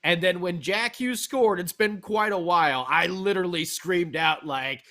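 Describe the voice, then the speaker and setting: Excited male hockey podcast host. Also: high-pitched. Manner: animated, fast, fan-like enthusiasm. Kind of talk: excited sports talk recap.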